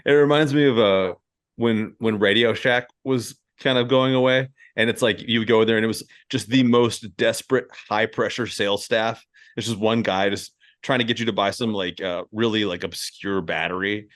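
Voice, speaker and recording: A man's voice: fairly low pitch, fairly even intonation, normal speed, fairly bright tone. Man, podcast host, casual chat, profane, rambling, laughs a lot.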